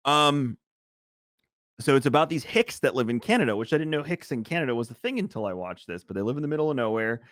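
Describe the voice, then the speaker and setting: A man co-hosting a casual podcast, rambling eagerly as he recommends things. His voice sits at an ordinary pitch and sounds close and dry, with no room around it. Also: expressive, fast, a bit bright, dry recording. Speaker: podcast co-host. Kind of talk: casual chat.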